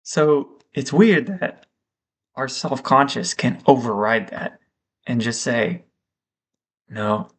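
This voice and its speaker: Slow, musing man thinking aloud. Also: mid-range voice, expressive, breathy edge. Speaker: vlogger. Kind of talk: reflective spoken monologue.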